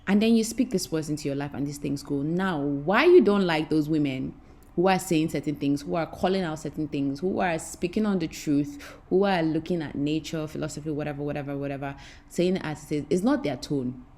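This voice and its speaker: A woman with a deep, slightly mellow voice speaks briskly as a spiritual teacher talking to camera. Her delivery is impassioned, repetitive, and preacherly, addressing listeners directly.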